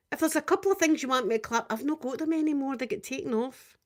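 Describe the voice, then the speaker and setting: A Scottish woman in her fifties, chatting casually with viewers on a live stream, rambling and swinging up and down in pitch. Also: quick pace, a little mellow. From Scotland. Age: 50s.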